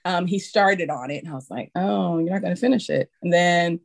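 A woman in casual conversation, recounting an anecdote and acting out the people in it with high, squealing voices. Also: fairly quick, creaky. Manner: animated, acts out quotes in high squeals. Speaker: guest; childcare teacher. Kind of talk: casual storytelling chat.

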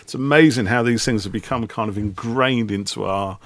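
A man's voice: medium pitch, moderate pace. A British man co-hosting a podcast, bantering and joking in casual chat. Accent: British English. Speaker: podcast co-host.

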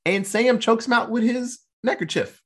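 A man hosting a casual podcast and recapping a movie in an animated, swearing, laughing storytelling style. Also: extremely high pitch, moderate pace, husky. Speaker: podcast host.

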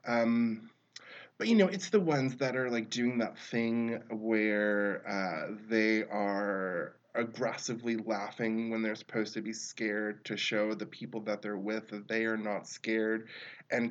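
A man's voice: medium pitch, dull audio. A man talking through a film review in a casual, rambling way, often breaking off mid-sentence and laughing.

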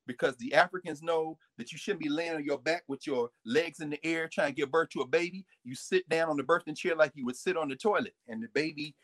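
A man, a professor, talking in an energetic storytelling way and acting out little asides and voices. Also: on the high side, fairly quick, few pauses, no echo. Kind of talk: animated lecture-style talk.

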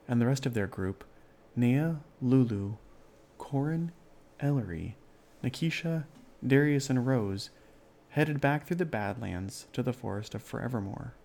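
A man narrating a children's fairy-tale story in a calm, measured way. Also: medium pitch.

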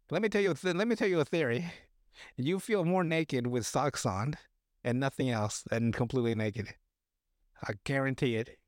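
A podcast host with a slightly high voice rambles through a casual movie recap, swearing freely and often laughing at his own jokes in loose storytelling. The recording is close and dry, with no room sound.

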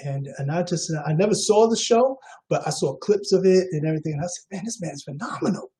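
New man, actor guest, slightly high mellow voice, loose rambling delivery. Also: expressive, quick pace, poor audio. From Queens, New York. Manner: rambling, full of fillers and restarts, says "man" often. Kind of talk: casual interview talk.

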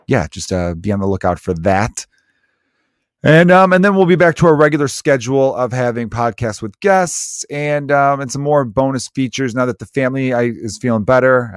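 A comedian hosting his podcast in a loose monologue, with a lowish voice. He is animated and profane, often laughing at his own story, and the sound is close and dry. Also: dry recording.

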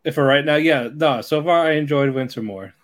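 A man's voice: fairly high pitch, fairly quick. A man co-hosting a podcast in casual chat, laid-back, giving brief replies and laughing often. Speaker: podcast co-host.

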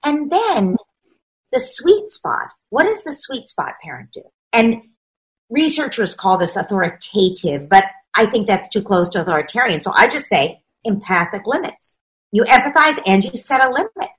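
A woman's voice: medium pitch, lively intonation, normal speed, fairly bright tone, poor audio. A woman speaking as a parenting expert in a conversational interview, explaining ideas emphatically and often acting out what parents and children say.

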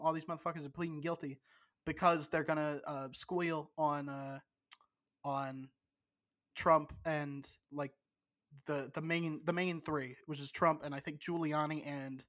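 A slightly tipsy man co-hosts a podcast, his voice on the high side and a bit bright. He rambles through casual banter, swearing and stumbling into frequent restarts after a few drinks.

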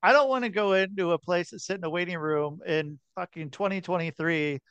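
A man's voice: sits high, fairly quick, a bit bright, smooth, no room sound, dull audio. A man hosting a podcast, chatting casually with a guest, swearing freely and restarting his sentences. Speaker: podcast host. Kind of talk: casual interview chat.

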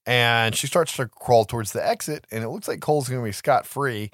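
A man co-hosting a podcast, retelling a movie plot in a casual, animated way with frequent laughs. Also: medium pitch, fairly quick, dry recording, clean studio sound. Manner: animated storytelling, laughs often, profanity. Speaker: podcast co-host.

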